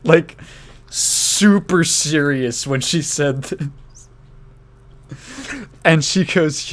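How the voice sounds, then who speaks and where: A man's voice: a little high, slow, long pauses. A young man hosting a podcast, telling a story casually with restarts and fillers. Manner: rambling with many restarts and laughs. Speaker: podcast host.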